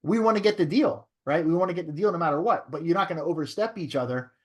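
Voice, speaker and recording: Fairly high-voiced man coaching a class. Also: expressive, fast, darkish tone. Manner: coaching, repeats "right?" to check understanding. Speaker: real estate broker and trainer. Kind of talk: training class talk.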